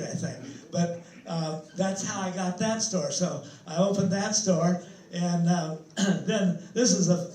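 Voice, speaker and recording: A man's voice: sits high, darkish tone. An older man telling rambling, chuckling stories as a guest speaker at an evening talk. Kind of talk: storytelling talk. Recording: echoey hall.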